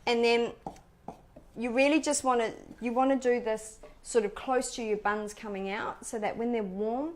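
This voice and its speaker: A woman hosting a relaxed cooking chat in her home kitchen, talking while she eats. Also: a little high, normal speed. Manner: relaxed, chatty, talks while eating. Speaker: cooking show host.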